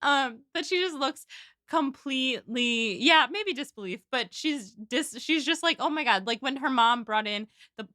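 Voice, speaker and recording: A woman's voice: high-pitched, a little slow, pushed and bright, no echo, studio quality. A woman co-hosting a podcast in casual chat, animatedly acting out characters as she retells scenes. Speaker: podcast co-host.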